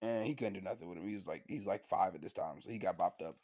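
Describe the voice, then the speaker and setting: A young man reviewing anime in a casual vlog, with a slangy, profane, animated retelling and frequent laughs. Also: low-pitched, quick pace, dry recording. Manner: laughs often.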